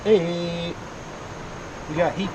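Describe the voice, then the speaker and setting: A man's voice: high voice, fairly even intonation, extremely slow, very noisy. A man talking casually to his camera outdoors by his truck, rambling with lots of fillers as he tells a story. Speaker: volunteer vlogger.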